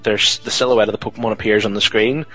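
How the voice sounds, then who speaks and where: A man with a low voice co-hosts a podcast, chatting loosely about a film. He rambles with lots of fillers and sighs in mock exasperation, while faint music plays behind him. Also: steady tone, fast, pushed and bright, low-quality recording. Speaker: podcast co-host. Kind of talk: casual chat reviewing a film.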